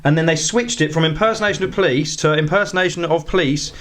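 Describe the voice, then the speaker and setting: A rapid-talking man with a slightly raised pitch. He recounts events indignantly and keeps checking in with his friend using tag questions. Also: fairly bright tone. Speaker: podcast guest. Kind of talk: casual chat.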